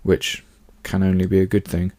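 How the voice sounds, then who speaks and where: A man's voice: deep voice, completely flat delivery, moderate pace, warm tone. A man hosting a casual solo podcast, chatty and rambling, swearing offhandedly and fighting off yawns. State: yawning. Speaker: podcast host.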